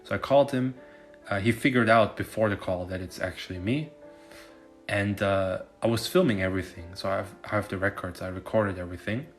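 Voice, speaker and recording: Low-voiced man rambling casually. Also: a little fast, soft background music. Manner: loose, profane, filler-heavy storytelling. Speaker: finance content creator.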